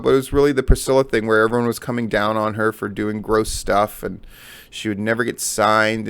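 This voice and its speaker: A middle-aged man giving a blunt, profane solo commentary on wrestling news, repeating his points for emphasis. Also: medium pitch. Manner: blunt and profane, heavy swearing.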